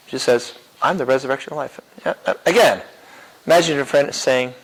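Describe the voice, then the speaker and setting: A man's voice: mid-range voice, brisk, rough recording. A man teaching a church apologetics class in a casual, chuckling way, with many fillers and restarts. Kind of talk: classroom lecture.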